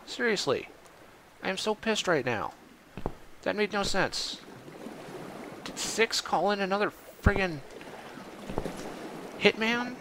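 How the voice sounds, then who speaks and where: A man's voice: sits high, very animated, takes it slowly, long pauses, pushed and bright, slight background noise. A man commenting on his gameplay, exasperated and swearing often. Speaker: let's play host.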